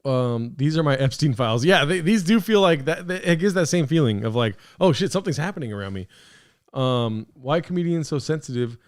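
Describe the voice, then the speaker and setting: A man's voice: a little high, lively intonation, fairly quick, hardly any pauses, smooth. A man hosting a live stream, rambling in casual commentary with lots of swearing, fillers and restarts. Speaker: podcast host streaming.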